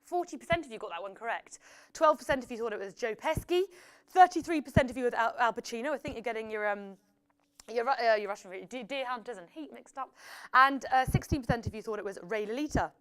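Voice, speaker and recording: A woman's voice: on the high side, fast, fairly bright tone, smooth. Chatty woman hosting a quiz. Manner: chatty, jokey asides, reads out poll results. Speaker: quiz host. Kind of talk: live app quiz hosting.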